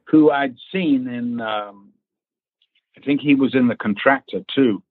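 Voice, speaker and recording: The speaker is a male actor from England, a guest in an interview, recounting stories and doing voices for the people he quotes. His pitch is medium and his pace measured. Though there's no echo, the sound is tinny, like a phone line.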